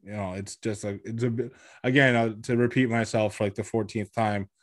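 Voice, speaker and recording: A man's voice: fairly low pitch, steady tone, brisk. A single man co-hosting a podcast in casual chat, rambling with lots of fillers. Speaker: podcast co-host.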